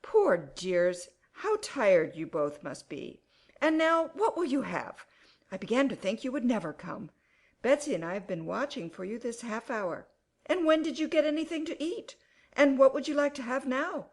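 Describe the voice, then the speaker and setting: A flustered, fretful middle-aged mother, voiced by a woman frets and complains in a lively, swooping voice. Her pitch rises and falls with her worries in an audiobook drama. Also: moderate pace. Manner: anxious, complaining, fussing.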